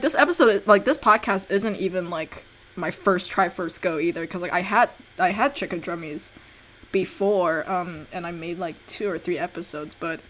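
A young woman hosting her own podcast in a loose, rambling chat. She strings thoughts together with constant fillers and trailing asides. Her voice sits a little low for a woman. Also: a bit bright, slight background noise. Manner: rambling, heavy use of "like". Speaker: podcast host. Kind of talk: casual chat.

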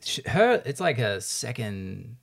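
A man's voice: mid-range voice, big pitch swings, vocal fry. Aussie guy hosting a podcast, chatty and laughing, medium voice. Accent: Australian. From Australia. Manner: laughs often, tells stories in quick bursts. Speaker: podcast host. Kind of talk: casual chat.

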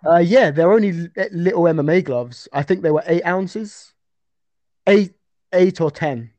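A young man telling a fight story in a casual podcast chat, animated, with many restarts. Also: high voice, unhurried, no room sound. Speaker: guest fighter.

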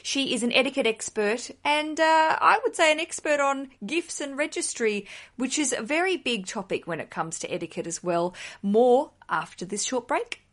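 A woman's voice: sits high, lively intonation, moderate pace, hardly any pauses, fairly bright tone. A woman hosting a podcast interview, chatty and enthusiastic, asking long rambling questions. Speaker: podcast host.

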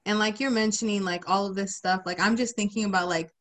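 A woman's voice: medium pitch, fairly even intonation, fast talker, fairly bright tone. A young woman hosting a podcast, upbeat and chatty, with lots of fillers. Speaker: podcast host.

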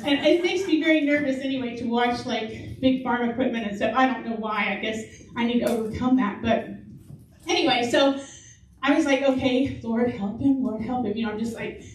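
Speaking briskly in a voice on the high side, a middle-aged woman preaches at church through chatty stories and frequent laughs. The recording comes from a far-off mic in a reverberant church hall.

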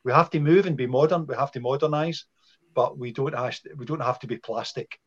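A man's voice: medium pitch, brisk, husky, muffled recording. A Scottish man, a podcast guest, arguing his point with passion and repeating words as he builds it. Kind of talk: casual football podcast chat.

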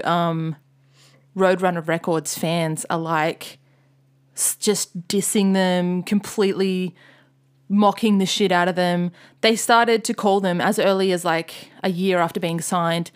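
A chatty woman with a mid-range voice tells a story as a podcast co-host in casual conversation. Her storytelling is loose and full of swearing, and she mimics angry fans with loud outbursts.

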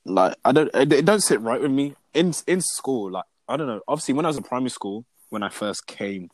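A young man in casual chat, animated and repeating words as he rants. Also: mid-range voice, a little fast, dry recording. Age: young adult.

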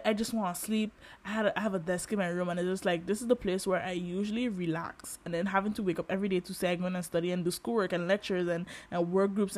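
A young woman in her twenties hosts a podcast, speaking candidly in a personal monologue with her mid-range voice. She uses lots of fillers and animated emphasis.

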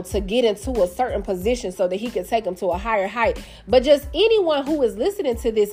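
Woman, thirties, podcast host, sassy and candid, slightly high voice, faint background music. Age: 30s. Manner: candid and sassy, addresses listeners as y'all and baby. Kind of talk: casual storytelling monologue.

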